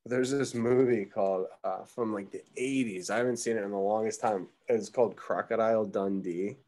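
A man's voice: fairly low pitch, steady tone, moderate pace, a little mellow. A young man teaching a live drawing class, chatting casually and thinking aloud as he sketches. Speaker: art teacher.

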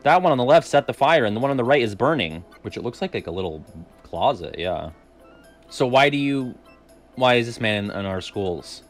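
Animated, profane male game streamer. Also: mid-range voice, brisk, soft background music. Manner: animated, profane, laughs often, self-deprecating. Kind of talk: casual gameplay commentary.

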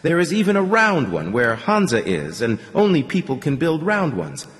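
A man's voice: fairly high pitch, huge pitch swings, moderate pace, big-room sound, pitched above the performer's own voice. A man voicing a frightened young captive. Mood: urgent.

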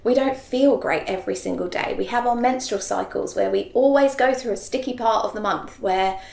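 Animated woman with a gravelly, roomy voice. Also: a little high, fairly quick. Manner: animated, laughs often, acts out quoted voices. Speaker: interview guest, mother. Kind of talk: casual conversational interview. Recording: roomy echo.

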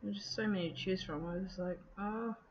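A woman talking casually through her scrapbooking process, relaxed and chatty, with plenty of ums and thoughts that trail off. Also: lowish voice, quick pace. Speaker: scrapbooking video host. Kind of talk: casual craft process narration. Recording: dull lo-fi with faint noise.

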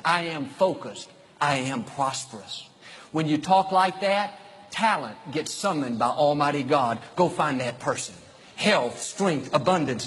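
A man's voice: fairly high pitch, a little hiss or hum. A middle-aged male pastor giving an upbeat sermon full of repeated declarations.

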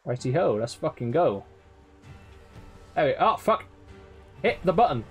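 A man's voice: a little high, sing-song, unhurried, husky, faint music behind. A man streaming a game live, swearing often, laughing and teasing his chat. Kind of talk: live gameplay commentary.

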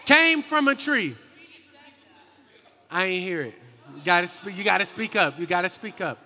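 A young man preaching a slangy, call-and-response youth sermon, rising into shouts. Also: high voice, normal speed. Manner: lively and slangy, calls out to the crowd and rises to shouts. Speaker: youth minister. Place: hall with a youth group. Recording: echoey hall with long reverb.

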